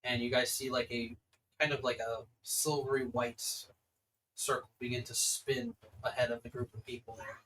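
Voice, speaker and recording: A man's voice: mid-range voice, flat delivery, normal speed, a bit bright, distant mic, a little hiss or hum, poor audio. A man running a tabletop game as game master, describing scenes in a casual, rambling way.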